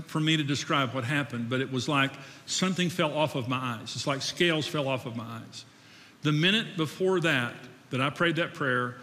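An older man delivers a sermon in a church hall, his medium-pitched voice pushed and bright with a slight hiss or hum. He keeps it conversational, quizzing his listeners and poking fun at himself, and the hall gives the recording a noticeable echo.

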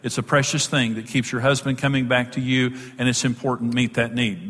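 A man's voice: mid-range voice, steady tone, fairly quick, fairly bright tone, slightly rough. A middle-aged man giving a humorous talk on marriage, joking and acting out little quotes as he teaches. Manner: jokey, self-deprecating, acts out quotes. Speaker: marriage speaker. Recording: long reverb of a large hall.

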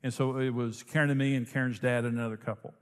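A man preaching a sermon, telling a story in an animated way and laughing often. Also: mid-range voice, quick pace, clean tone. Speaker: pastor. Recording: long hall reverb.

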